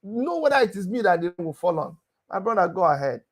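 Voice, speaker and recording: A man's voice: high voice, big pitch swings, quick pace. A man hosting a heated political talk show, pressing his point with rhetorical questions and hammering repetition.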